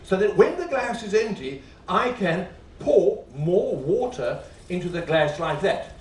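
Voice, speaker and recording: A man's voice: high-pitched, very animated, a little slow. A man performing as a comedy magician in a live stage show, chatting and teasing the audience with jokes between tricks. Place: cruise ship show lounge. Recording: roomy, distant live stage recording with faint audience ambience.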